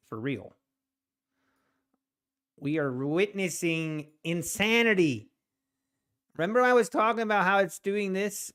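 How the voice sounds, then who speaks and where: A man commenting on his own trades to a live chat, slightly high for a man and speaking slowly. He is animated and self-mocking, and he exclaims in disbelief. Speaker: live-streaming day trader.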